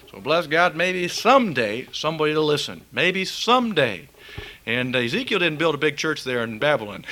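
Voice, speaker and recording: A man's voice: on the high side, bright, forceful tone. A man preaching a fiery, folksy sermon and reading scripture aloud.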